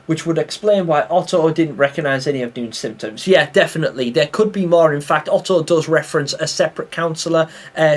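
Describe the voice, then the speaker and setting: A young British man streaming a game live, chatting casually, reading the chat aloud and laughing often. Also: fairly high pitch.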